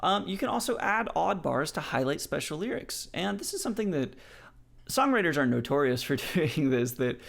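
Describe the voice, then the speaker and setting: A man's voice: on the high side, sing-song, normal speed, gravelly, fairly bright tone. A man teaching a songwriting lesson, explaining time signatures in a friendly way and counting beats aloud. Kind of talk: music theory lesson.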